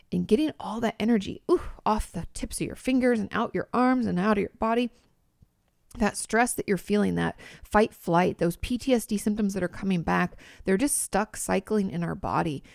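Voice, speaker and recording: A woman's voice: medium pitch, creaky, darkish tone, no room sound, clean studio sound. A woman in her thirties hosting an advice podcast as a therapist, direct and reassuring, with some casual swearing. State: a bit shaky from shaking her body while talking.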